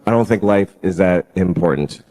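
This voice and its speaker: A man in his forties doing stand-up comedy, deadpan, dark and profane. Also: low-pitched, normal speed, a little hiss or hum. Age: 40s. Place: stage in a comedy venue.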